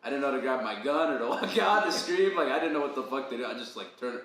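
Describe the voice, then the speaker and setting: A man's voice: medium pitch, expressive, quick pace, a bit bright. A young man, telling stories in casual chat with lots of slang and laughter. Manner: slangy, laughs often, says "bro" a lot. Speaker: podcast co-host. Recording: very echoey room, faint ambient noise.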